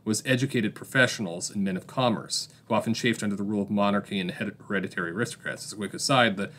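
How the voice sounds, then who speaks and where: A man's voice: fairly low pitch, quick pace, fairly bright tone. A man hosting a political podcast, reading a history segment with explanatory asides. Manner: explanatory, with asides and book recommendations. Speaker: podcast host.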